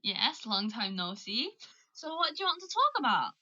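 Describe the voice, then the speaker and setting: A woman's voice: fairly high pitch, normal speed, dull audio. A young woman with a British accent hosting a livestream, chatting casually with callers and doing playful accent examples. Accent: British English. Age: young adult. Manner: lively, plays with voices when giving accent examples. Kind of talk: casual chat, switching between English and Mandarin.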